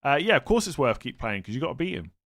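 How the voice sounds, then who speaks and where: Young guy streaming, reads chat out loud, jokey and chatty, mid pitch voice. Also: sing-song, quick pace, creaky. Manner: thinks aloud, reads chat, self-mocking humor. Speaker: streamer answering viewer questions. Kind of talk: casual live stream chat.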